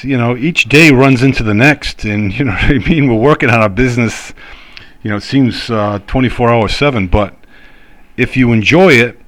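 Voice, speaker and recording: A man's voice: on the low side, fairly bright tone. A middle-aged man talking casually in a rambling monologue, full of fillers and chuckles. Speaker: vlogger.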